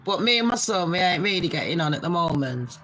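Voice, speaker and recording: A British woman in her forties hosting a casual live stream from her bedroom, talking fast and swearing freely as she chats to her viewers and calls them babes. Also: on the low side, expressive, fairly bright tone, slight background noise, low-quality recording. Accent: British English.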